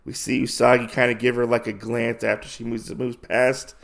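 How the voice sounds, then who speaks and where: A man's voice: medium pitch, level tone, moderate pace, creaky. A man hosting a podcast, casually recapping a comic in a rambling way with lots of fillers. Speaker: podcast host.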